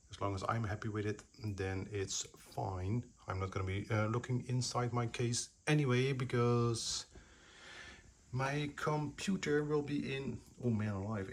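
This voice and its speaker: A man's voice: fairly low pitch, slight background noise. Rambling man filming himself on a phone. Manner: rambling, hesitant, frequent fillers. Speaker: PC building vlogger. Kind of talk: casual self-filmed narration. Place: indoors at home, sitting on the floor. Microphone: handheld phone.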